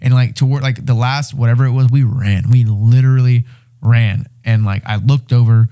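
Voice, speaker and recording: Young male podcast guest, mellow tone, animated and profane storyteller. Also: medium pitch, normal speed, smooth. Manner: animated, excited retelling with swearing and restarts. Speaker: podcast guest, reality show winner. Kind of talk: casual storytelling.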